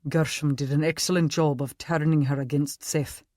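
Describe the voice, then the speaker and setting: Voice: medium pitch, fairly even intonation, normal speed, a little mellow, dry recording, studio quality, natural voice. Narrator voicing a grim Scottish man. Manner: grim, regretful. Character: adult Scottish male immortal, grim.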